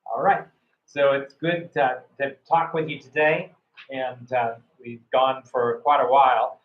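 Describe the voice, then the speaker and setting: A man's voice: mid-range voice, fairly even intonation, a little slow. A man teaching English online and running a mock speaking test, encouraging and full of fillers and restarts. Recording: roomy, dull lo-fi sound.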